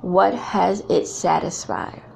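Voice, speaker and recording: A woman's voice: on the low side, sing-song, takes it slowly, creaky, a little mellow, slight background noise. A middle-aged woman giving a blunt, emphatic talk to other women, repeating phrases for effect. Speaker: speaker addressing women. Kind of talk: candid motivational talk.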